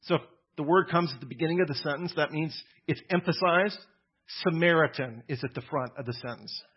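A man's voice: fairly high pitch, a little fast, husky, highs cut off. A man preaching a conversational, emphatic sermon, often repeating words as he builds a point. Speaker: pastor.

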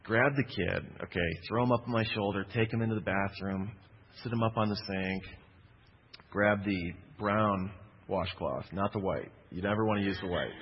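A man's voice: fairly low pitch, breathy edge, big-room sound, highs cut off. A man preaching a sermon, telling a personal story in a conversational way with jokey asides.

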